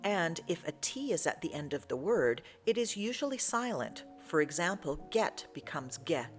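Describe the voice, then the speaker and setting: A woman's voice: on the low side, big pitch swings, moderate pace. A woman hosting the channel, giving a careful, explanatory scripted narration. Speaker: channel host. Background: music.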